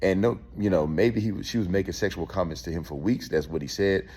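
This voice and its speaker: A man's voice: deep voice, fast talker, a little mellow. A male host talking through a case in loose casual commentary, with many fillers and restarts.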